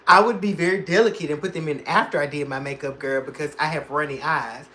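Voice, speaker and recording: A woman's voice: low-pitched, fast, bright, forceful tone. A woman hosting a casual makeup livestream, chatting with viewers, answering their comments and laughing often.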